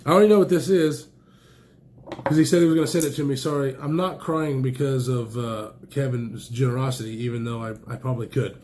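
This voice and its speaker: Slightly congested from allergies, this man chats about knives and flashlights as he unboxes them, rambling with enthusiasm and frequent exclamations. His medium-pitched, darkish voice is fairly quick and fairly even, with a little hiss or hum in the recording.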